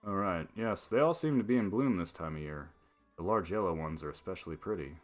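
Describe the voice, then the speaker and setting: A man voicing a blunt young male commander in a game, in a flat, low-key way. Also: a little fast, faint music behind.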